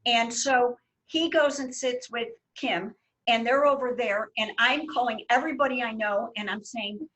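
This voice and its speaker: A middle-aged woman hosting a casual chat, telling lively stories and laughing often. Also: on the high side, fairly quick, low-quality recording. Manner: animated storyteller, laughs often. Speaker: host.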